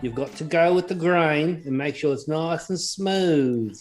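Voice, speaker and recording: A man's voice: fairly high pitch, a little slow, soft background music, natural voice. A man voicing a folksy old male woodworking show host who lectures in a fussy, instructive drawl.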